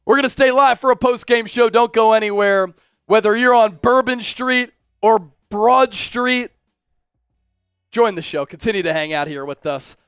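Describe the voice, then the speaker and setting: A man hosting a live sports stream, excitedly calling the game and reading out viewer donations between fan chants. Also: sits high, smooth, no echo. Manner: chanting and shouting fan cheers.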